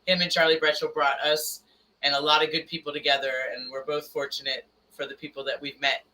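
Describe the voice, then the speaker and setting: A man hosting a casual motorcycle talk show, enthusiastic and quick to act out quoted people. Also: on the high side, little pitch movement, pushed and bright, slight background noise. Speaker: host. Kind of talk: casual chat. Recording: somewhat distant from the mic.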